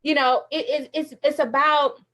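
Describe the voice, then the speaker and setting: A woman in her thirties with a high, bright-pitched voice speaks openly and emotionally, as if confiding in friends. She laughs often between her words in a candid inspirational talk. She is streaming live from her phone. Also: fairly even intonation, moderate pace. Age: 30s. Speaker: faith livestream speaker. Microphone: phone livestream.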